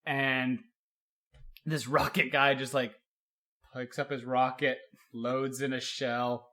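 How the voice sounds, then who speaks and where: A man's voice: mid-range voice, flat delivery, takes it slowly, sharp tone. A young man co-hosting a podcast, telling stories in casual chat with lots of filler words and bursts of laughter. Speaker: podcast co-host.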